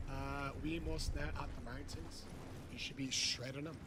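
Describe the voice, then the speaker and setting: A man livestreaming a game, reading chat and bursting into shouted greetings between casual muttering. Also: mid-range voice, fairly even intonation, normal speed. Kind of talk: excited live-stream chat.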